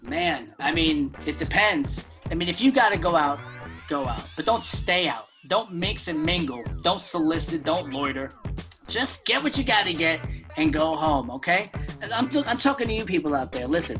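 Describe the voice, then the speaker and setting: A man who is a comedian guest, chatting casually in an upbeat, joking way and telling animated stories. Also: fairly high pitch, normal speed, music in the background. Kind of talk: casual interview chat.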